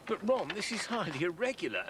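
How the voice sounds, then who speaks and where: A man's voice: sits high, very animated, a little fast, distant mic, heavy background noise. An actor playing a pompous, stiffly formal middle-aged man organising a street party. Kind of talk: soap opera acting.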